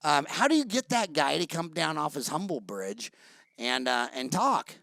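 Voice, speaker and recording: Gravelly, animated man hosting a chat. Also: fairly high pitch, normal speed, no echo. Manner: animated, rambling, salty. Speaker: podcast host. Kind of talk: casual interview chat.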